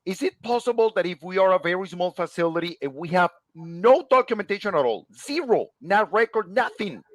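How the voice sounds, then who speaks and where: A man with a fairly high voice, a guest in a casual conversation. He lays out his points by asking questions and answering them. The sound is dry and close. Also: expressive, a little fast, no room sound. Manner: explains with rhetorical questions. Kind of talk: casual chat.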